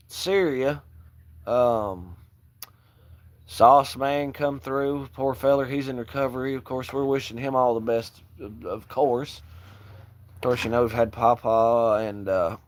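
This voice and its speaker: A man's voice: mid-range voice, dry recording. Profane, joking man hosting a livestream. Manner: loose, profane, joking, shouting out viewers by name. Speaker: livestream host. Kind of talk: casual livestream chat, reading out viewer comments.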